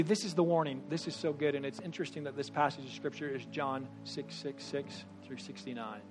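A man preaching a sermon, animated and conversational, swinging between loud bursts and hushed asides, with quick rushed remarks. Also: mid-range voice, faint music behind. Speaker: pastor.

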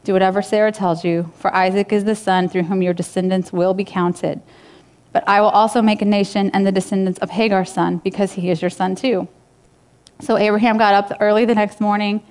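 A woman's voice: mid-range voice, steady tone, normal speed, darkish tone, clean tone. A woman pastor giving a sermon in a casual, conversational way, retelling a story and speaking to her church. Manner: casual, conversational preaching with fillers.

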